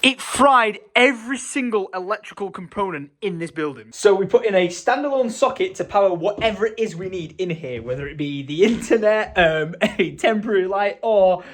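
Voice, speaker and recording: A man, chatting excitedly to camera while working outdoors in his garden. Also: sits high, normal speed, few pauses, dry recording, studio quality. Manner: excitable, animated. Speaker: vlogger. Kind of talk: casual vlog narration.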